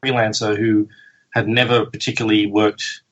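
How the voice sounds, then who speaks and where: A man with a husky, slightly rough voice, heard over a dull, muffled remote line. He rambles in casual podcast chat, laughing often and poking fun at himself. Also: fairly low pitch, flat delivery, moderate pace. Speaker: guest, comic book artist.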